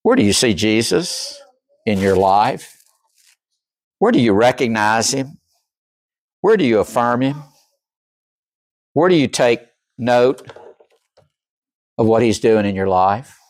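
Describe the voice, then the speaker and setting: A man preaching a sermon, acting out quoted voices and dropping from loud to near whisper. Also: mid-range voice, expressive, slow pace, pauses often, no echo. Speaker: pastor.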